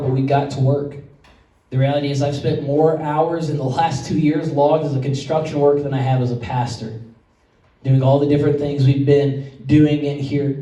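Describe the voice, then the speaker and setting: Pastor preaching in an echoey church. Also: male voice, medium pitch, dark tone. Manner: conversational storytelling, choked up at times. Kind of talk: sermon. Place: church sanctuary. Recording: echoey church hall from far off.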